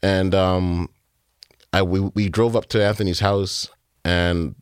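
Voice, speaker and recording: A man in his thirties with a very low voice, recorded close and dry with no room sound. As an interview guest he tells a personal story in halting, filler-heavy speech and acts out the lines of other people. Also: little pitch movement, clear, resonant tone, no room sound. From Canada. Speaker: music producer, guest.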